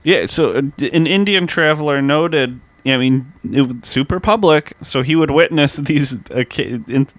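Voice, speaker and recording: A man's voice: a little high, normal speed, hardly any pauses, a bit bright, no room sound. A man co-hosting a history podcast, telling grim stories in a loose, profane, chatty way. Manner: loose, profane, storytelling with many "like" fillers. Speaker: podcast co-host. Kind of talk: casual podcast chat.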